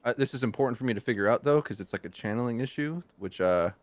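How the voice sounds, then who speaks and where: A man on a new headset in a voice call, speaking hesitantly with many pauses and "uh"s. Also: medium pitch, animated, no room sound. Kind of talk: casual chat.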